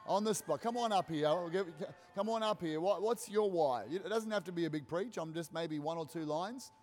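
A male pastor preaching in a church hall on a handheld mic, his voice a touch high. He is animated and rousing, circling back over his phrases to drive them home. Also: brisk. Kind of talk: sermon.

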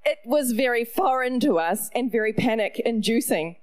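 A middle-aged woman with a New Zealand accent, preaching a sermon in an animated storytelling way with playful asides. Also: on the high side, moderate pace. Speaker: pastor.

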